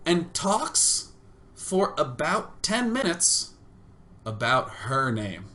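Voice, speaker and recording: A young adult man hosting a show, telling a comedic story in an animated, self-mocking way with loud bursts. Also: on the high side, slow pace. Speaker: show host.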